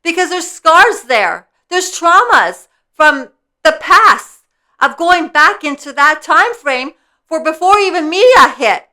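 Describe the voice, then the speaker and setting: A woman's voice: very high-pitched, sing-song, slow, sharp tone. A woman in her fifties talking earnestly in a casual spiritual vlog, repeating herself and checking in with "okay?" over and over. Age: 50s. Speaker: vlogger. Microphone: personal mic.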